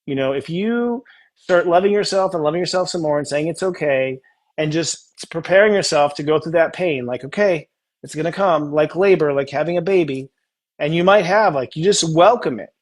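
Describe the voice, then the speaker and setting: A man hosting a casual spiritual coaching chat, animated and acting out tender inner dialogues. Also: a little high, moderate pace. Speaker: astrologer host.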